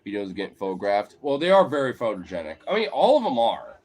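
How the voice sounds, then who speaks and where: A man's voice: on the low side, fast talker. A man casually commenting on footage of his dogs, cooing at them, laughing and swearing. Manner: excitable, cooing baby talk to pets, bursts of laughter, casual swearing. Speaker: video creator talking to his dogs.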